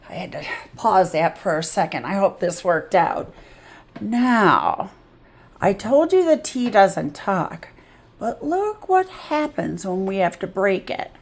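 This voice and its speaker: A woman reading tutor giving a patient, drawn-out phonics lesson. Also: mid-range voice, very animated.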